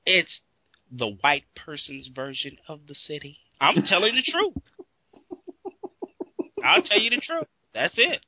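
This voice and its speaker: A man's voice: fairly high pitch, measured pace, long pauses, dry recording. Seattle guy ranting in casual chat, swears a lot, acts out his reactions, dull dry lo-fi audio. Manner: animated, profane, acts out his own reactions.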